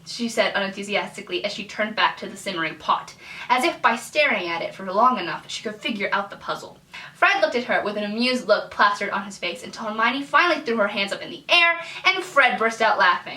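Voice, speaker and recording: A woman's voice: medium pitch, expressive, brisk, pushed and bright, far from the mic. A young American woman who hosts a video channel, reading her old fanfiction aloud with chatty, self-mocking asides. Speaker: YouTube host. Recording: echoey room, voice from off-mic.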